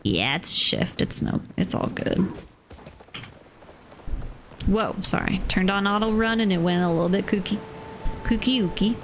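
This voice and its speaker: A woman's voice: medium pitch, animated, measured pace, pauses often, slight background noise. A woman streamer chatting casually and offhandedly while playing a cozy game. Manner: chatty, giggly, swears offhandedly. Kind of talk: casual gameplay commentary.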